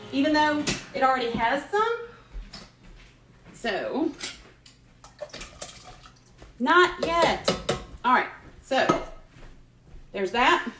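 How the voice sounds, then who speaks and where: Chatty woman cooking in an echoey kitchen. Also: sits high. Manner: chatty, greets viewers by name, laughs often. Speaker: host cooking on a live stream. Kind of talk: casual live cooking chat. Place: home kitchen. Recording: echoey kitchen with faint noise.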